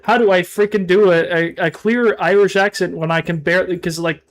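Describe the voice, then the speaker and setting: Rambling, halting male streamer. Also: high voice. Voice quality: mumbled, self-described monotone. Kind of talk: casual live-stream chat.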